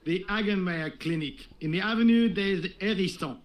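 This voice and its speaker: A deadpan police sergeant, played by a man in a video game, his voice pitched high for a man. He answers flatly and briefly. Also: moderate pace, natural voice.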